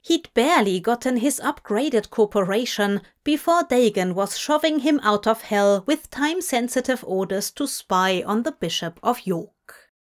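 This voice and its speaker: A woman narrating a fanfic audiobook in a measured, expressive storytelling voice. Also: on the high side. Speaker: audiobook reader. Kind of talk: scripted narration.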